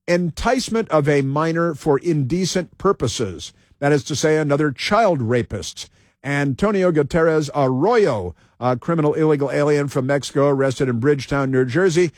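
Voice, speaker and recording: A man's voice: on the high side, a little mellow, dry recording, studio quality. A man hosting a talk radio show, reading off a list with sarcastic, combative asides and frequent fillers.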